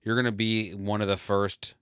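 A man's voice: lowish voice, moderate pace, clear, resonant tone, no echo, clean studio sound. Rambling, self-mocking man in his thirties. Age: 30s. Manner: rambling, self-deprecating, animated. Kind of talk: casual monologue storytelling.

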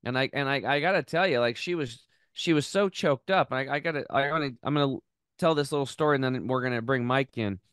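A man hosting a health podcast, earnestly telling an emotional story in a close, animated way with many restarts. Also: medium pitch, fast talker, clean tone, no echo. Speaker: podcast host.

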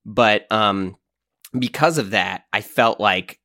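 A man's voice: on the low side, takes it slowly, bright, forceful tone, no room sound, studio quality. A man in casual conversation, reflecting on past work in a loose, rambling way with many fillers. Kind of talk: casual chat.

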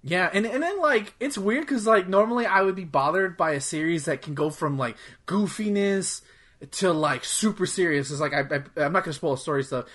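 Video games are the topic as this podcast co-host chats away, swearing often and saying "like" constantly. He speaks fairly quickly, his voice high and a bit bright.

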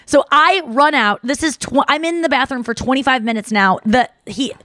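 A young adult woman hosting a podcast, telling a story casually and excitedly, with lots of "like" and acted-out quotes. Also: high voice, normal speed, no room sound. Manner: animated, excitable, heavy use of "like"; acts out quoted voices. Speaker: podcast host.

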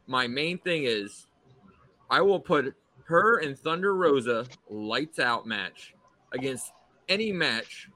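A man's voice: medium pitch, animated, slow, pushed and bright. A man co-hosting a casual chat, stubbornly arguing an opinion. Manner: stubborn, argumentative. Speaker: podcast co-host. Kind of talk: casual debate.

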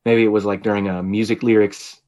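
A man's voice: fairly low pitch, flat delivery, a little fast, dark tone. A man co-hosting a podcast in casual chat, telling a story animatedly with frequent swearing and laughter. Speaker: podcast co-host.

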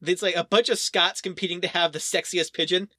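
A man's voice: high-pitched, steady tone, fairly quick, pushed and bright, dry recording, clean studio sound. A man co-hosting a casual podcast, explaining odd facts in a playful, joking way. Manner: jokey, explains fun facts with playful asides. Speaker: podcast co-host. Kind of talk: casual chat.

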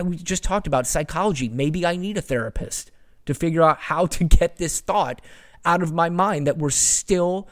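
A man's voice: high voice, no echo, studio quality. A man hosting a podcast, ranting in a casual, exasperated monologue and swearing freely. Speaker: podcast host.

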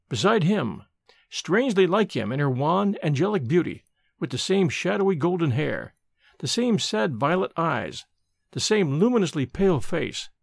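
Gravelly expressive male storyteller. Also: on the high side, no echo, clean studio sound. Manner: expressive, dramatic reading. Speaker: narrator. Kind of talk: audiobook reading of a gothic story.

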